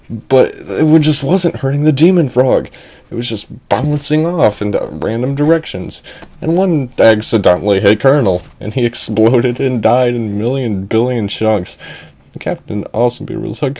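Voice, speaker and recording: Excitable man telling a made-up tale. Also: mid-range voice. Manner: rambling, excitable, chuckling. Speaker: storyteller. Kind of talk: improvised storytelling.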